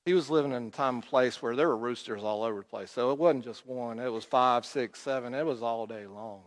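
A man's voice: medium pitch, a little fast. Man preaching in a reverberant hall. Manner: storytelling, acts out quotes, rises and drops in volume. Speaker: pastor. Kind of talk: sermon.

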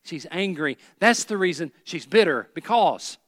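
A man's voice: a little high, animated, measured pace, a bit bright, no room sound. Preacher, male, emphatic, builds through repeated phrases, dry close sound. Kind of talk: sermon.

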